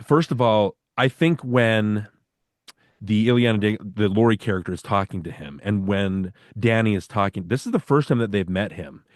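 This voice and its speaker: A man's voice: on the low side, normal speed, no echo, clean studio sound. A man hosting a podcast, chatting enthusiastically about films, often restarting his sentences and acting out quotes. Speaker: podcast host. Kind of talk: casual film discussion.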